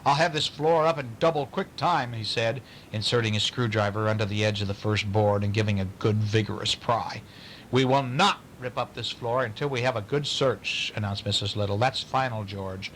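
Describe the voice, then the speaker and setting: A man reading a bedtime story aloud to a child, pausing to ask questions in a playful way. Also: lowish voice, fairly even intonation, fairly bright tone, a little hiss or hum, rough recording.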